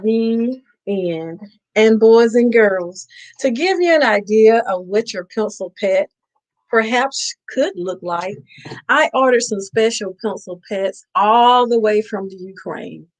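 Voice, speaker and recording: A woman's voice: fairly high pitch, slow, low-quality recording. A woman host reading a picture book aloud to children on a live stream, playfully stopping to ask them questions.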